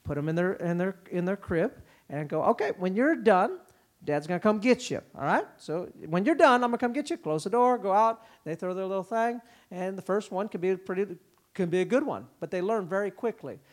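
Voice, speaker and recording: A man speaking at a parenting conference, telling stories and acting out quick lines for kids and parents. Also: high-pitched. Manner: animated storytelling, voices children and parents in quoted bits. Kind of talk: conference talk. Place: conference hall.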